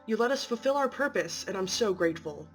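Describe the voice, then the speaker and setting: A woman's voice: mid-range voice, expressive, a little fast, soft background music, lightly acted. A woman voicing a grateful, devoted anomalous being who provides for its family, talking effusively and emotionally. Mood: gushing.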